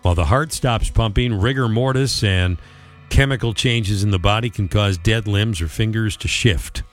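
A man's voice: on the low side, normal speed, soft background music. A man co-hosting a radio show, reading ads and trivia in a casual chat with dry quips. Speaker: radio co-host.

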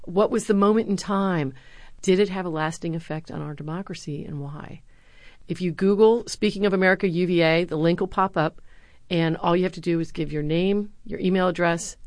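A woman's voice: on the low side, no echo. A middle-aged woman, a former speechwriter and university lecturer, answering interview questions and telling stories in an earnest way. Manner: earnest, animated when quoting others.

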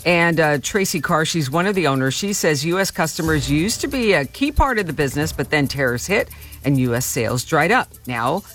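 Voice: mid-range voice, lively intonation, a little fast, fairly bright tone, soft background music. A host giving conversational news commentary, hesitating and restarting, then turning upbeat to plug a shop. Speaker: show host.

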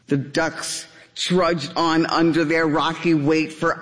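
An older woman reading a children's story aloud in an expressive storybook style. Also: sits low, slow, few pauses, in a large hall.

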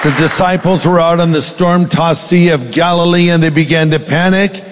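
A man with a fairly high voice delivers a sermon. He reads scripture with dramatic emphasis and then turns to address the congregation directly. His voice carries a long reverb from a large sanctuary. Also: fairly even intonation, moderate pace, over a noisy crowd, heavy background noise. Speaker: pastor.

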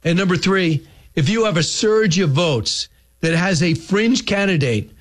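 A man's voice: high-pitched, expressive, a little slow. A man hosting a talk show, giving combative, opinionated political commentary with sarcastic asides. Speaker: radio host.

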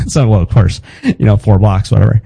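A man in his fifties tells a story in relaxed conversation, restarting sentences with wry humor. His voice is warm and dark, recorded dry and close with no room sound. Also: on the low side, normal speed, vocal fry, breathy edge, no echo, poor audio. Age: 50s. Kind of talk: casual storytelling chat.

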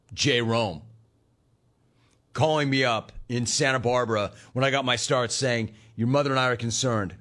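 A man's voice: medium pitch, a bit bright. A man hosting a sports talk radio show, ranting and telling stories with sarcasm, mimicking callers and his own family.

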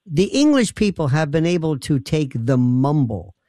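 A man's voice: on the high side, sing-song, normal speed, a crowd in the background. A man hosting a late-night call-in radio show, teasing callers in a rambling, mock-bewildered way. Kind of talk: bantering call-in radio talk.

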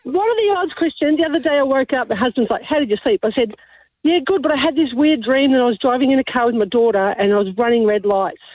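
A woman calling in to a radio show, excitedly exclaiming as she tells her story. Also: high voice, fast, no echo. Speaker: caller. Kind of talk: phone-in storytelling. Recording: tinny phone line.

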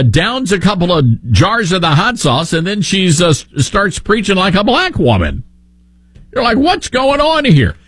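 Husky, animated male talk radio host. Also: high-pitched, no echo. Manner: animated, sarcastic, joking.

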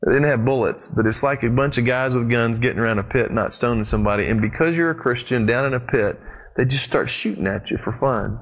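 A pastor preaching a sermon, retelling the story with lively, sweeping swings in his voice and speaking straight to his congregation. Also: fairly quick. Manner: animated storytelling with big pitch swings; addresses the congregation directly.

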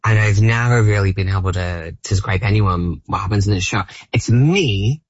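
A man's voice: on the low side, normal speed. A man in his thirties with an Australian accent, a comedian guest chatting casually in an interview, rambling and self-deprecating with lots of fillers. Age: 30s. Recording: muffled dry broadcast audio.

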